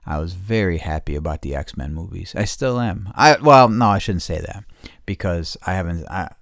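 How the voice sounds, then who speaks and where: A man's voice: deep voice, animated, normal speed, gravelly, dry recording, studio quality. A podcast host in casual, rambling storytelling, swearing a lot and repeating himself as he talks. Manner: profane, restless, repeats himself.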